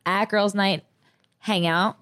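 A woman's voice: mid-range voice, steady tone, takes it slowly, fairly bright tone, smooth. A young woman with a New Jersey accent, co-hosting a casual podcast chat, laughing and swearing freely. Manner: laughing, swearing, talks over her co-host. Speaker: podcast co-host.

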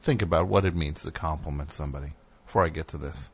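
A man hosting a call-in radio show, speaking candidly and rambling, breaking off his own sentences and jumping up in pitch when he gets worked up. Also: fast, breathy edge. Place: radio studio.

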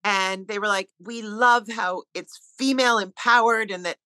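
Bright, joking woman guest. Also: mid-range voice, steady tone, poor audio. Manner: joking, quick-witted storyteller. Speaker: podcast guest. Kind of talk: casual interview chat.

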